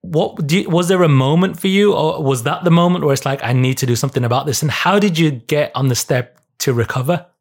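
A man's voice: fairly high pitch, brisk, few pauses. A man hosting an interview, who reflects on what his guest says and asks long, probing questions. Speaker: podcast host.

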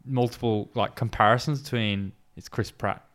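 A young man from Birmingham with a light Birmingham accent, co-hosting a casual podcast chat and talking in a chatty, self-deprecating way with halting restarts. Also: lowish voice, fairly bright tone. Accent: light Birmingham English. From Birmingham, England. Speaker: podcast co-host.

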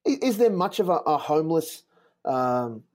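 A man interviewing a guest in a relaxed chat, asking curious, easygoing questions. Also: on the high side, moderate pace.

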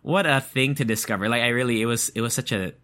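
A man in a casual monologue who talks in a rambling, animated way, often restarting his sentences and sounding incredulous. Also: medium pitch, fast talker.

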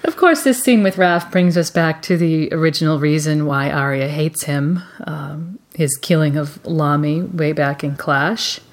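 A woman co-hosting a podcast, reading out a measured, prepared analysis of a novel. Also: low voice.

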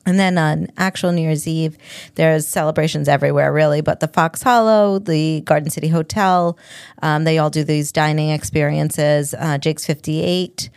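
A woman co-hosting a podcast in a studio, chatting casually, giving quick agreeing replies and reading out event listings. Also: low-pitched, steady tone, a little mellow, clean tone, dry recording. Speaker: podcast co-host. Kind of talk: casual chat.

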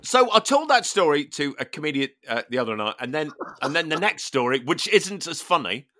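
A man hosting a podcast, telling a funny story in casual chat with animated, laughing delivery. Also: fairly high pitch, brisk, dry recording, studio quality. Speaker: podcast host.

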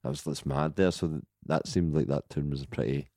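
A man's voice: a bass voice, fairly quick, warm tone, no echo. A Scottish man, a comedian guest on a podcast, chatting casually with a laid-back, dry humor. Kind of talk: casual chat.

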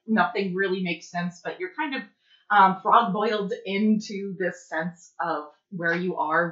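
A woman's voice: on the low side, sharp tone. A woman co-hosting a podcast, chatting casually and rambling with lots of "like" and "um". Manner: rambling, heavy use of fillers like "like" and "um". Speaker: podcast co-host. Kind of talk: casual chat. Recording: echoey room, dull lo-fi sound.

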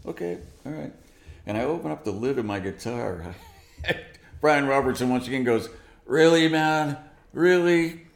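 A man with a gravelly, creaky voice, telling a story in an animated way and acting out what people said. He sounds like he is in a roomy space with some echo. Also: mid-range voice, normal speed, pauses often. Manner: animated, acts out quoted dialogue. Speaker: guest musician. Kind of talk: storytelling interview.

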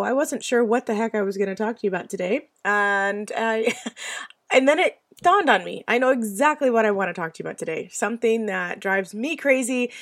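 Podcast host, woman, mid-pitched, hoarse and stuffy, casual and confiding delivery. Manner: chatty, self-deprecating, confiding. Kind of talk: casual solo podcast talk. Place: home in the US Southwest.

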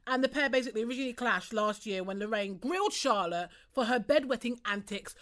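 Giggly, bright British woman chatting. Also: a little high, lively intonation, fast talker. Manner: giggly, teasing, slangy. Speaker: co-host. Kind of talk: casual chat.

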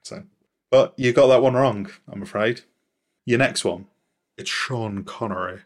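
A man's voice: medium pitch, a little slow. A man in casual podcast chat, running a quiz with a dry, playful, teasing manner.

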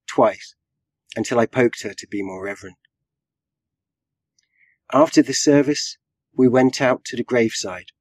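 A man, a writer, reading his own flash fiction aloud in a measured storytelling way with a dry wit. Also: mid-range voice, darkish tone, no echo. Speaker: writer and guest.

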